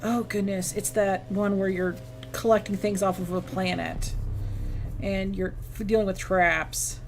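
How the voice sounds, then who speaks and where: A woman's voice: mid-range voice, little pitch movement, unhurried, a little hiss or hum. A woman streaming a game and chatting casually, rambling with restarts and acting out quoted lines. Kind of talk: casual live-stream chat while gaming.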